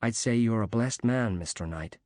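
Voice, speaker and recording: A male narrator voicing a cheery young American woman athlete who speaks brightly and teases gently. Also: fairly low pitch, normal speed, no echo, natural voice. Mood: cheery, earnest.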